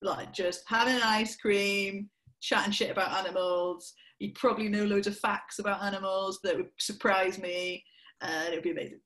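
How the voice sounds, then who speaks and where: A woman's voice: medium pitch, fairly even intonation, normal speed, fairly bright tone. A woman comedian, a guest in a casual podcast chat, who talks playfully and teases her host. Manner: playful, teasing, laughs often.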